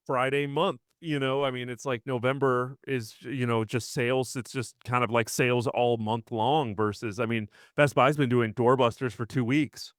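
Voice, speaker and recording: A man with a smooth, resonant voice chats close to a podcast mic in a dry room. He is animated and lively, and quick to slip into squeaky impressions of the people in his anecdotes. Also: no room sound. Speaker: podcast co-host. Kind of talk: casual chat.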